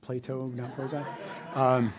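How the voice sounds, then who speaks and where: A man's voice: medium pitch, little pitch movement, unhurried, a crowd in the background. A man answering audience questions after a philosophy talk, casual and self-deprecating, often acting out quoted voices. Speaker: guest speaker, philosophy teacher. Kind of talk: lecture Q&A, casual and animated.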